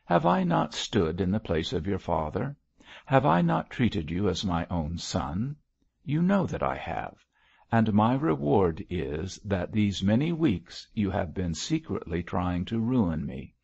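A man's voice: deep voice, big pitch swings, unhurried, vocal fry, darkish tone, breathy edge, no room sound, full character voice. A man reading the part of an elderly bishop who reproaches his curate in a solemn, sorrowful tone. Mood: reproachful. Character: elderly male bishop, mild but stern. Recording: dull lo-fi dry recording.

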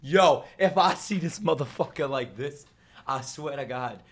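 A man's voice: medium pitch, a little slow, a little hiss or hum. A man hosting a first-time reaction video, swearing in disbelief and breaking into laughter as he comments. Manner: profane, incredulous, bursts of laughter. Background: faint music from the clip he is watching.

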